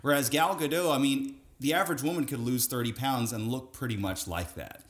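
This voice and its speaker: A man's voice: mid-range voice, a little fast. A man chatting casually on a podcast, ranting with animation and laughing often. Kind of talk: casual chat.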